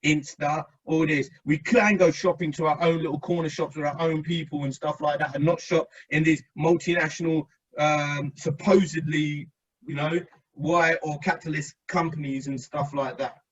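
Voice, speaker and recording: A man's voice: on the high side, flat delivery, moderate pace, lo-fi sound. A man hosting a casual podcast discussion, talking in a rambling, chatty way and asking the others for their views. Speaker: podcast host.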